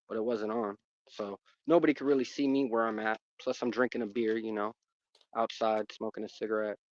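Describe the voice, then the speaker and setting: A man with a fairly low voice tells a personal story about his dogs, rambling casually with plenty of fillers and restarts. The recording is dry and muffled.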